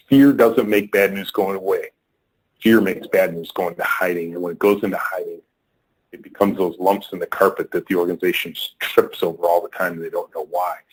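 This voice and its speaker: Here the same kind of guest, a middle-aged man who leads a company, speaks low and husky over a rough recording. Recounting a workplace tale on a podcast, he animatedly performs the voices of the people in it.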